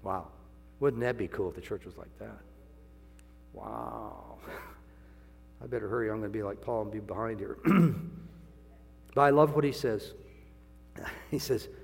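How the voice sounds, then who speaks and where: Older man, sermon, gravelly voice, jokey asides, sudden loud peaks, hall echo. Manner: folksy, joking, swings from low asides to loud high exclamations. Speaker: preacher. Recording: long hall reverb, faint hum.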